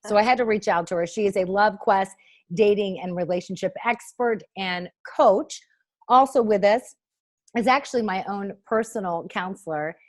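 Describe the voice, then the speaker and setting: A woman's voice: mid-range voice, moderate pace. Playful woman co-host. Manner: playful, laughing, introduces guests. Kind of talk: casual talk show chat.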